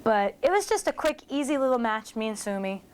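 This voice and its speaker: A woman in her forties telling casual stories about her wrestling career, animated and acting out what others said. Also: on the high side, a little fast, slight background noise. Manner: animated, acts out others' lines in quotes. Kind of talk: casual storytelling commentary.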